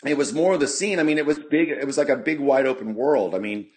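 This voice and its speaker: A man's voice: mid-range voice, fast, darkish tone, slightly rough, no room sound. A middle-aged man from California telling a story in casual podcast chat, rambling and profane, full of restarts and "you know". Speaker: podcast guest, punk musician.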